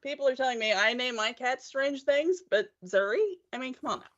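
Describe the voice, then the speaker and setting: A woman co-hosting a casual podcast, easygoing and quick to laugh. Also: high-pitched, animated, a bit bright. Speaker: podcast co-host. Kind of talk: casual live podcast chat. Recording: muffled lo-fi call audio.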